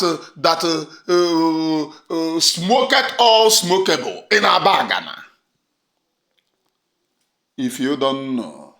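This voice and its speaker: A man with a Nigerian accent delivering an impassioned monologue, fiery and repetitive, moving between shouted lines and low intense ones. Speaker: online commentator. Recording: roomy echo.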